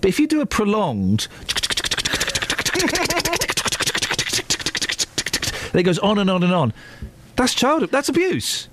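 Lively, playful male radio host. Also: moderate pace, very noisy. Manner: playful, teasing, jumps into squeaky silly voices. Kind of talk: casual radio chat. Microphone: studio microphone.

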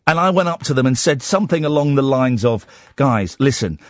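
A man from Yorkshire in his forties, with a Yorkshire accent, talks fast in a slightly high voice while hosting his radio show. His casual monologue mixes news readings with sardonic, self-mocking riffs. The audio is studio quality, with no room sound.

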